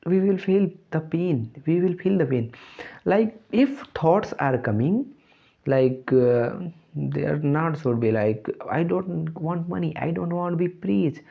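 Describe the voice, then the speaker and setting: A young man with an Indian English accent giving a reflective spoken monologue, halting and earnest as he searches for words. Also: a little high, creaky. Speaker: channel host. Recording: dull lo-fi recording.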